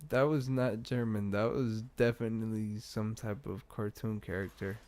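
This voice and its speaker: A man's voice: lowish voice, fairly even intonation, moderate pace, a little mellow. A man co-hosting a casual podcast in a laid-back, joking way, swearing freely. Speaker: podcast co-host. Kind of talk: casual chat.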